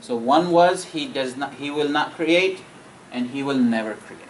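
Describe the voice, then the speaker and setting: A man teaching a grammar class, repeating each point, checking in with students and reciting verses quickly. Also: medium pitch, a little hiss or hum, rough recording. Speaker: Arabic teacher.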